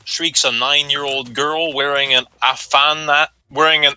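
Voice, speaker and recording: A young man reading an absurd story aloud to friends on a voice chat call, mostly deadpan. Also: a little high, measured pace, smooth, no echo, low-quality recording. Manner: deadpan reading, breaks into laughter.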